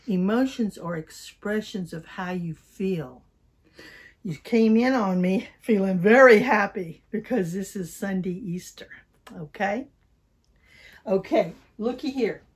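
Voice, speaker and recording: Older woman, children's church host: slow, husky, coaxing call-and-response with toddlers. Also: mid-range voice. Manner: drops to a whisper and rises to shouts for feeling. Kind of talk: children's Bible storytime.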